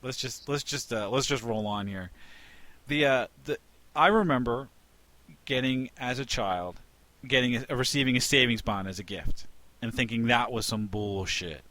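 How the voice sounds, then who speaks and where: A man's voice: medium pitch, moderate pace, pushed and bright, no room sound. A man co-hosting a casual podcast, talking emphatically, swearing freely and restarting his sentences. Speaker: podcast co-host. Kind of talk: casual banter.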